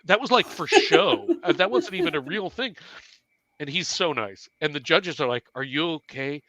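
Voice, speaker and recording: A man casually telling a self-mocking story on a live stream, animated and swearing freely. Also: a little high, normal speed, crowd noise.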